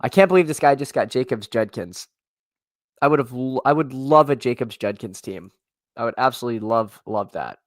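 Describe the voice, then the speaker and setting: A man's voice: mid-range voice, lively intonation, fairly quick, no echo, clean studio sound. A man streaming fantasy football drafts, talking casually to his chat with lots of restarts and fillers, his voice getting tired. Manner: rambling, many restarts and fillers, talks to chat. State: voice tiring. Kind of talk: casual live-stream commentary.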